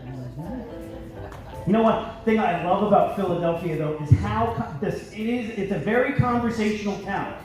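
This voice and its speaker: Brash male comedian on a big stage, high voice, very reverberant hall, distant mic. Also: lively intonation, moderate pace, darkish tone, soft background music, some chatter behind. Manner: brash, switches into gruff Philly voices for bits. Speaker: stand-up comedian. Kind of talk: stand-up comedy set. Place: large theater stage with live audience.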